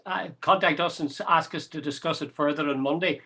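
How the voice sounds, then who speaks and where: A man's voice: on the high side, a little fast, sharp tone. A man co-hosting a casual political chat, wry and chatty with amused asides. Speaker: co-host of a current affairs podcast.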